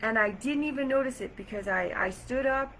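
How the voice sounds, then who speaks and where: A woman vlogging to camera, chatty and animated as she retells an irritating day, with lots of "like". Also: high voice, brisk, a little hiss or hum, low-quality recording. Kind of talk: casual storytelling to camera. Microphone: camera or phone mic.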